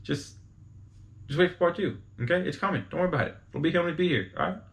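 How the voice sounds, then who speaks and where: A man's voice: on the high side, fast, vocal fry. A man hosting his own show, casually explaining to viewers in a chatty, informal way with frequent asides to the audience. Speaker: host explaining whiskey types.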